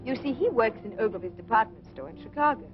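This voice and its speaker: An actress playing a sweet young woman dancer who speaks softly and politely. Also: a little high, animated, fast, lightly acted. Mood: wistful. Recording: dull old film soundtrack with music.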